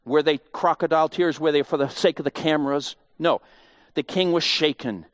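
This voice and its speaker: Emphatic higher-voiced man teaching scripture. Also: normal speed, no echo, clean studio sound. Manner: rhetorical questions, emphatic. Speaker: Bible teacher. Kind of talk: conversational Bible teaching.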